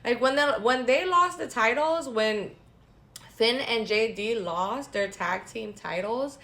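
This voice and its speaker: A woman talking casually and gossipily as a vlogger, animated and repeating phrases for emphasis, with sarcastic asides. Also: on the high side, takes it slowly. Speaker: wrestling recap vlogger. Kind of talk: casual chat.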